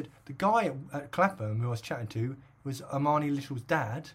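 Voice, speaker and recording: A husky middle-aged man from England rambles through a story in casual podcast chat. He fills his talk with "like" and "obviously" and laughs as he goes, at an average pitch. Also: lively intonation, brisk, hardly any pauses. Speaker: podcast co-host.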